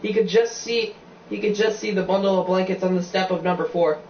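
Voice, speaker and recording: A man's voice: high voice, fairly even intonation, fairly quick, a little mellow, echoey room, distant mic, highs cut off, a little hiss or hum. A man reading a novel aloud, stumbling and restarting lines often. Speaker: reader.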